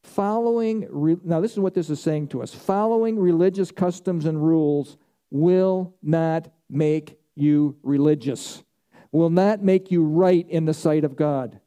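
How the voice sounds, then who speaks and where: A man's voice: fairly high pitch, a little slow, mellow. A man preaching a sermon in an emphatic style, often repeating his key phrases for weight. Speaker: pastor.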